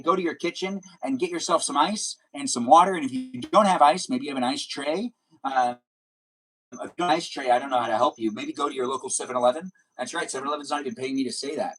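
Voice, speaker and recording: A man's voice: fairly high pitch, a bit bright, husky, poor audio. A young man hosting a casual livestream, rambling and joking as he quizzes his guests. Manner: rambling, jokey, asks guests questions. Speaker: livestream host.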